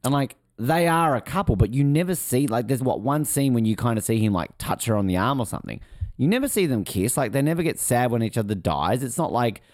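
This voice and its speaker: A man's voice: medium pitch, big pitch swings, a little fast, a little mellow, dry recording, studio quality. A young man, co-hosting a casual movie commentary and rambling chattily with lots of ums and likes. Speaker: podcast co-host.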